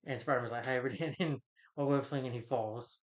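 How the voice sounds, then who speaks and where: A man giving a casual, rambling movie review, retelling the plot with many fillers and putting on higher voices for the characters. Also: fairly even intonation, fairly quick, dull audio. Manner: loose, filler-heavy retelling that jumps up in pitch for quoted characters.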